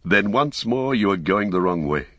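A man voicing a wise, stern old wizard who speaks gravely and firmly, in an audiobook reading. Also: fairly low pitch, lively intonation, moderate pace, a bit bright, dry recording.

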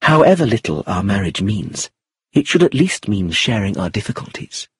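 A man voicing a composed, cool-headed upper-class wife in an audiobook, calm and measured. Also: fairly low pitch, husky, dry recording, exaggerated voice. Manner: calm and measured, sometimes bitter. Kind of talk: audiobook character reading.

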